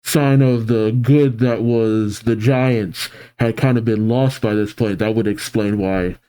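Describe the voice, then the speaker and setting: A man's voice: lowish voice, measured pace, clean tone. A man hosting a casual manga reaction, reading aloud and reacting as he goes. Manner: animated, reads aloud and reacts.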